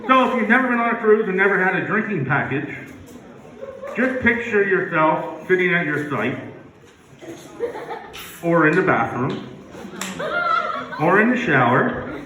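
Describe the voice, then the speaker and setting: A man doing a stand-up comedy set at a campground, playfully spelling words out loud for laughs. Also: high voice, animated, unhurried, long pauses, slight background noise. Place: outdoor campground stage. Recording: echoey, distant, muffled live recording.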